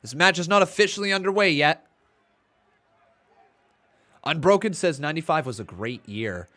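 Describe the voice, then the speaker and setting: Young dude doing a watch-along stream, kinda tired, yawning, bright voice. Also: male voice, fairly high pitch, animated, moderate pace. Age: 20s. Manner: chatty, reads chat aloud, breaks into play-by-play. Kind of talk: casual live-stream commentary and chat reading.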